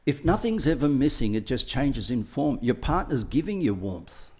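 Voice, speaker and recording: Animated man in casual podcast chat. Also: mid-range voice, moderate pace. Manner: animated, acts out little scenes with playful voices. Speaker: podcast co-host.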